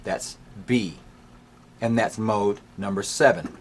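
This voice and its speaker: A man's voice: fairly low pitch, slow pace. A man teaching a music lesson, patiently explaining scales step by step. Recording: faint piano playing behind.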